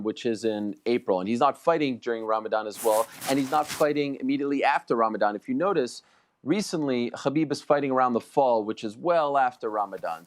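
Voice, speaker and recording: A man talking sports as a guest on a panel show, emphatic and boastful, repeating lines for effect. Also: mid-range voice. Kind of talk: excited sports talk.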